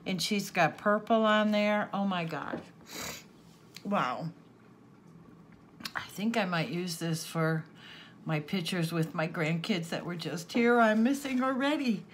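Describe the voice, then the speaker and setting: A woman's voice: lowish voice, takes it slowly, pauses often, a little hiss or hum. An older woman hosting a craft channel, gushing and tearful as she opens a gift, gasping and laughing often. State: tearful, sniffling. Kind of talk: casual unboxing chat.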